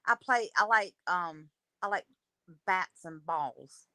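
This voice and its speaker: A woman with a Southern American accent who explains things in a rambling, hesitant way, full of fillers. Her voice sits on the low side for a woman, and it sounds dry and close, with no room echo. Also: slow, pushed and bright. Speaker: co-host. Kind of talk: casual chat.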